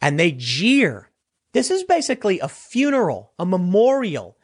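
A man doing solo political commentary, animated and rambling, often restarting his sentences. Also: high voice, normal speed.

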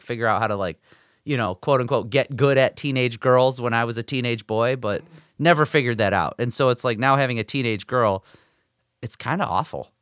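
A man's voice: medium pitch, a bit bright, smooth, dry recording, clean studio sound. A man in his forties co-hosting a podcast, telling stories in a rambling, filler-heavy casual chat. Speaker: podcast co-host.

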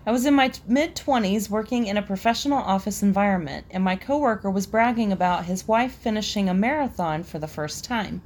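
A woman's voice: medium pitch, a little fast, few pauses, a little mellow. A young woman casually reading out embarrassing stories and laughing between them. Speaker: storyteller reading listener stories.

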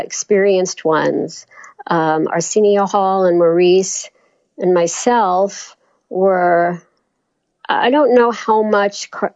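A woman's voice: medium pitch, darkish tone, dry recording. Chatty woman from New York, lo-fi line. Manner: chatty, rambling with many fillers and restarts. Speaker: voice actress guest. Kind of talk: casual interview chat.

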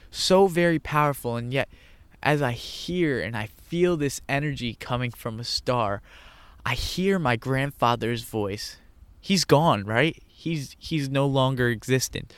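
A man's voice: medium pitch, fairly bright tone, clear, resonant tone, no room sound. A man telling a personal story in an earnest way, repeating phrases for emphasis. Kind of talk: personal monologue.

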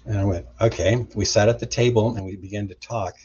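Brief: middle-aged male guest, low husky voice, animated storyteller who acts out the quotes, slightly muffled audio. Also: fairly quick, slight background noise. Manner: animated retelling with acted-out quotes. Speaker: guest, deliverance minister. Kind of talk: storytelling interview.

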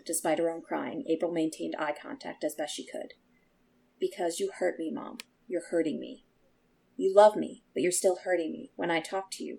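A woman co-hosting a book podcast, reading a novel passage aloud in a soft, quiet voice. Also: sits low, gravelly, husky, poor audio. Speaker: podcast co-host.

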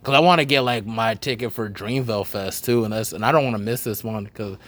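A man's voice: fairly low pitch, a little fast, fairly bright tone. A man in his twenties hosting a podcast, telling stories in a laid-back, slangy way with lots of fillers. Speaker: podcast host. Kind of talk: casual chat.

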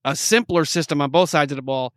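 A man's voice: on the high side, quick pace, fairly bright tone, dry recording, studio quality. A man co-hosting a casual sports podcast, rambling with lots of fillers and restarts. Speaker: podcast co-host.

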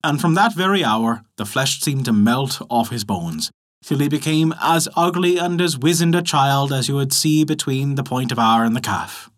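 A man narrating a folk tale in an expressive storytelling manner. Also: mid-range voice, moderate pace.

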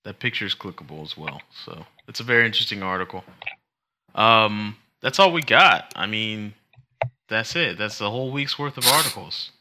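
A man's voice: lowish voice, expressive, normal speed, sharp tone. Teasing male podcast co-host. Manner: joking, teasing. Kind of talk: casual chat.

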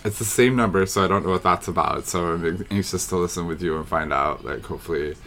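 Deep gravelly-voiced man podcaster. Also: quick pace, a bit bright. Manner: agreeable, frequent backchannels and laughs. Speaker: podcast co-host. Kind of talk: casual podcast chat.

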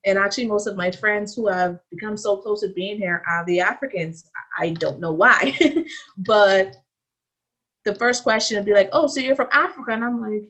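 Bahamian woman, student guest, interview, animated storytelling, acts out quoted lines. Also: medium pitch, moderate pace. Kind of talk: interview conversation.

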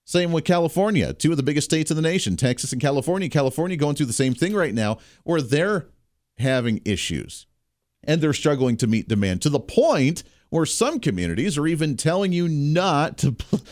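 A man hosting a radio talk show, delivering a solo monologue with sarcastic, animated banter. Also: fairly high pitch, brisk, soft background music. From Kansas, US.

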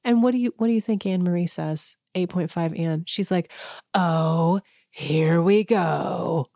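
A woman with a low, deep voice chats through a casual recap as a podcast host, full of sarcasm and quick mimicry of the people she quotes. Her voice sounds close and dry, with no room around it. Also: dark tone, dry recording.

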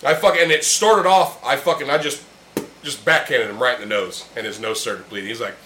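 A man's voice: mid-range voice, a little fast. A man hosting a casual podcast chat, talking bluntly and heatedly with heavy swearing while sharing beers with friends in a room. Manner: blunt, heated, heavily profane. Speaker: podcast host. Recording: roomy echo, faint background hum.

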